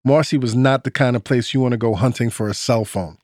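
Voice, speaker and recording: A man's voice: mid-range voice, a little fast, darkish tone, dry recording, studio quality. A man with a New York accent, hosting a podcast with laid-back, slangy scripted narration. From Brooklyn, New York. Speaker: podcast host.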